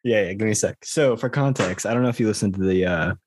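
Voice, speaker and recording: A man's voice: lowish voice, fast talker, a little mellow, a little hiss or hum. A man hosting a podcast in an upbeat, easygoing way. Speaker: podcast host. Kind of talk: casual chat.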